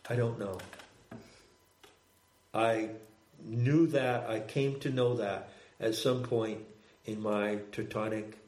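An older man, a guest on the talk, recounting a spiritual experience in a measured, deliberate way. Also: on the low side, fairly even intonation, darkish tone. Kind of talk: reflective conversational storytelling. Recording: roomy echo.

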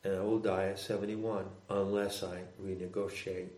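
Older man telling a story, measured. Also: sits low, level tone, a little mellow. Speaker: guest, spiritual practitioner. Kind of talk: reflective conversational storytelling. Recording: roomy echo.

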